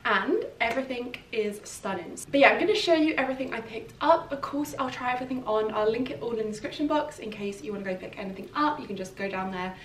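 A chatty young British woman gushes about her clothes with a slightly high voice. She talks in a roomy, echoey space, heard a little way off the mic with a faint hum behind her. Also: fast talker, few pauses, far from the mic. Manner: chatty and gushing, full of "like". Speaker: fashion vlogger. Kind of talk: casual try-on haul chat. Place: at home in her flat. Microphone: camera mic set a little way off.

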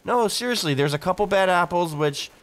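A man streaming a roleplay game, talking fast in voice chat, pleading and joking with many restarts. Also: sits high, lively intonation, crowd noise. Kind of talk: casual gaming voice chat.

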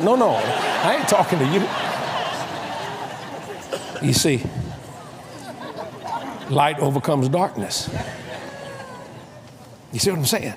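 An older man preaching a sermon, telling comic stories and acting out voices with shouts and laughs. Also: on the high side, animated, normal speed, pauses often, noisy background. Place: large convention hall.

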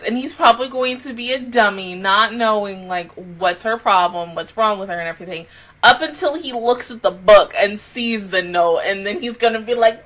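Female anime reactor, emotional and exclamatory, frequent swearing; slightly high voice, unhurried delivery. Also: lively intonation, fairly bright tone, slight background noise.

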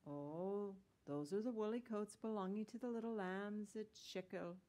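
A woman's voice: mid-range voice, measured pace, dark tone, pitched above the performer's own voice, natural voice. Storybook hedgehog washerwoman, female, fussy and deferential, old-fashioned country speech, read by a woman. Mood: eager, polite.

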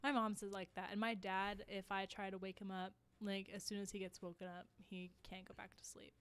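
Young woman chatting on a podcast, middle pitch, casual, swears a lot. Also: little pitch movement, brisk, fairly bright tone, clear, resonant tone. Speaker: podcast guest. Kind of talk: casual chat.

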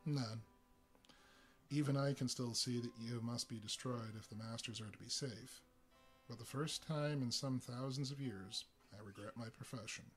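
A man's voice: mid-range voice, moderate pace, lightly acted. Casting: tormented alien giant, formal and stiff speech, read by a man, faint guitar behind. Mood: anguished.

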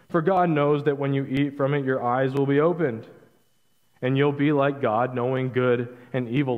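A man's voice: mid-range voice, fairly even intonation, normal speed, a little mellow, in a large hall, muffled recording. A man preaching a sermon as pastor, retelling scripture in a casual, storytelling way with voiced quotes. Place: church sanctuary.

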